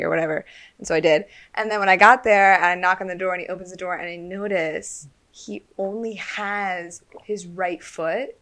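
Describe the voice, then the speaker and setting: A woman's voice: lowish voice, fairly even intonation, normal speed, fairly bright tone. A woman co-hosting an improvised comedy podcast, telling a story in a playful, giggly way. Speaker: podcast co-host.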